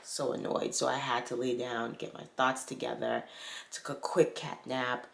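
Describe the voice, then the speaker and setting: A woman's voice: a bass voice, level tone, moderate pace, vocal fry, noisy background. Breathless exasperated woman vlogger. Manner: exclaiming, exasperated. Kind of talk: casual vlog chat.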